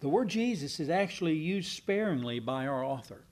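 A man preaching a Sunday night sermon, teaching emphatically with slow, deliberate stresses and occasional fillers. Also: on the high side, lively intonation. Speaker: pastor.

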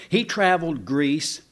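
A man preaching a sermon in a folksy, animated way, with sarcastic asides to the congregation. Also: on the high side. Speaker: pastor.

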